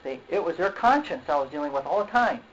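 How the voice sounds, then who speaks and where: A man delivers a sermon in a halting, repetitive way, often stopping to say okay and to clear his throat. His voice sits a little high for a man. The recording is dull and lo-fi, with a faint hiss behind it. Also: expressive. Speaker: preacher.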